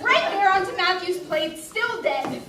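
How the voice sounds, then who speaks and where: A woman's voice: very high voice, expressive, measured pace, exaggerated voice. A woman playing a chatty, dreamy orphan girl on stage, rambling breathlessly and stumbling over her words. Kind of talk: stage musical acting. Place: theater stage, heard from the audience. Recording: echoey stage recording from far off, audience and noise.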